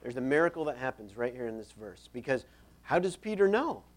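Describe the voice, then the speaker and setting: A man's voice: mid-range voice, very animated, fairly quick. Conversational male preacher. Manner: conversational, storytelling, emphatic. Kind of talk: sermon.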